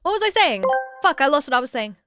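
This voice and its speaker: A woman streaming casually to her chat, talkative and quick to swear. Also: high-pitched, over music. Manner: chatty, swears freely, lively.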